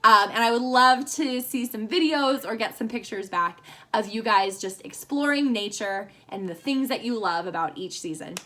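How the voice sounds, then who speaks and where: A woman teacher giving a remote lesson to children, reading short poems slowly and with emphasis. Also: on the high side, expressive, fairly bright tone.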